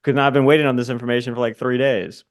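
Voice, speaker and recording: A young man co-hosting a sports podcast, talking into a close microphone. He rambles through long stories, loose and profane. His voice sits at an ordinary pitch for a man. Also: steady tone, rapid-fire. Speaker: podcast co-host. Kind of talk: casual sports podcast chat.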